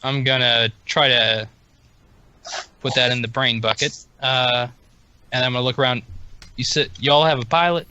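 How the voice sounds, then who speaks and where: Bright-voiced man playing a tabletop game. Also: medium pitch, fairly even intonation, normal speed, long pauses, smooth, highs cut off. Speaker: player. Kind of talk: casual tabletop play.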